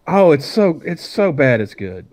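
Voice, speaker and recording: A man's voice: fairly high pitch, big pitch swings, a little slow, a little mellow. A young man co-hosting a podcast, rambling in casual chat and often stammering and restarting his sentences. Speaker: podcast co-host.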